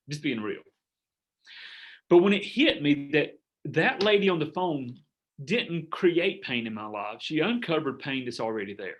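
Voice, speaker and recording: Middle-aged male coach, fairly high voice, earnest, animated, on a video call. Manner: earnest, animated, acts out sample dialogues. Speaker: business coach. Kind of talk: coaching workshop talk.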